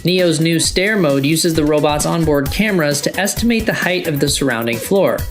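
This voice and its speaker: A narrator reading a scripted tech news report in an even, measured way. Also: medium pitch. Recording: clip with music bed.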